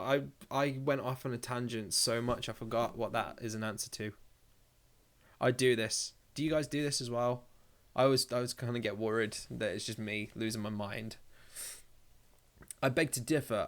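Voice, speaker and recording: Rambling, jokey male live streamer. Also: mid-range voice. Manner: rambling, jokey, swears freely. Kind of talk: casual live-stream chat reading comments.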